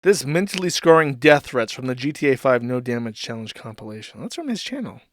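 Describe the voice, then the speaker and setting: A man's voice: mid-range voice, big pitch swings, brisk, dry recording, clean studio sound. A man hosting a live stream, reading posts and mocking them in a rambling, swearing commentary. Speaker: streamer host.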